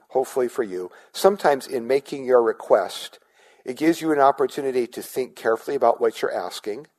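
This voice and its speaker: A man's voice: medium pitch, a little mellow, low-quality recording. A male pastor giving a sermon in a conversational way, often asking the congregation questions and restarting his words.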